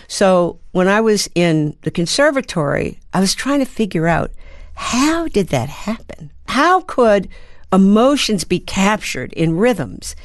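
A woman's voice: lowish voice, no echo. Older woman guest, storyteller, fillers and restarts, dry sound. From US (Baltimore). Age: 70s. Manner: reflective storyteller, hums rhythms, hesitant fillers. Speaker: guest, actor and playwright. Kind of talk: conversational interview.

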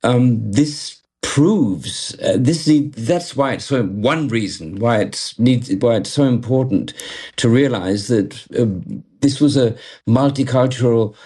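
Male panel voice, husky, stammering, emphatic. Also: mid-range voice, takes it slowly, mellow. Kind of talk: radio discussion.

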